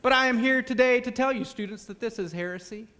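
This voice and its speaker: A man putting on the voice of a theatrical evangelist preacher, with a drawn-out preaching cadence. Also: extremely high pitch, pushed and bright, in a large hall, pitched above the performer's own voice. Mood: grandiose. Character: pompous male evangelist preacher, booming and theatrical.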